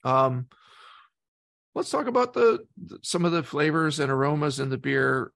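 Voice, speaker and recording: Gravelly man hosting a beer chat. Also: fairly high pitch, fairly bright tone, no room sound, clean studio sound. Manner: reads facts aloud, halting with fillers. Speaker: podcast co-host. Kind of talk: casual beer-tasting chat.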